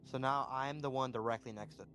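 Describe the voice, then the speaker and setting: A man's voice: mid-range voice, steady tone, brisk, a bit bright, soft background music. Laid-back man playing a tabletop game. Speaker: player. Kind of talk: casual chat in a tabletop game.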